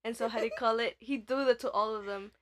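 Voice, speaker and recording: A woman's voice: a little high, steady tone, fast, slight background noise. A young woman co-hosting a casual chat, telling family stories with lots of giggling and acted-out quotes. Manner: giggly storyteller, quoting family in voices, lots of "like". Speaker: podcast co-host.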